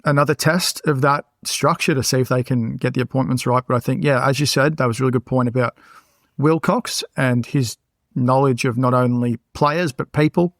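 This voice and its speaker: A man co-hosting a football podcast, measured and steady, citing stats. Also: mid-range voice, dry recording, studio quality. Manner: measured, steady, cites figures. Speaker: podcast co-host. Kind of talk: casual football chat.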